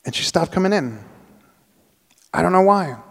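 A man telling a personal story on stage, animated, acting out the voices of people in it. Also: sits high, moderate pace, creaky. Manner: animated, acts out quoted voices. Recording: long hall reverb.

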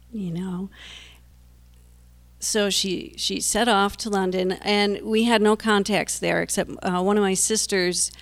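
A woman's voice: lowish voice, creaky. A middle-aged woman telling a personal story to an audience, earnest and anxious, a self-described worrier. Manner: breaks into nervous laughs.

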